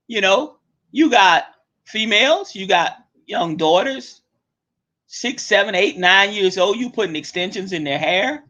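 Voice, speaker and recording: A woman hosting her own show, ranting bluntly and swearing freely, with sharp swings up and down in pitch. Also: animated, unhurried. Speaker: host. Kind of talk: profane ranting monologue. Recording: dull lo-fi recording.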